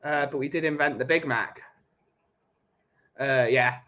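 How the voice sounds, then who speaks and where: A man with a London English accent, hosting a relaxed coffee chat stream and bantering jokily with his live chat. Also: mid-range voice, unhurried, rough recording. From England. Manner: jokey, rambling banter.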